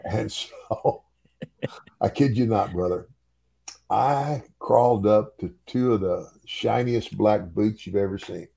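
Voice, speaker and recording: A man's voice: lowish voice, slow, vocal fry, warm tone, slightly rough. An older man and former wrestler telling a story in casual chat, chuckling often and repeating words as he goes.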